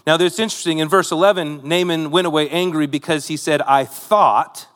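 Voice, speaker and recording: A man's voice: fairly high pitch, fairly even intonation, fast, a bit bright, long reverb tail. A man preaching a sermon, retelling a Bible story in a conversational way with rhetorical asides to the congregation. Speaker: pastor.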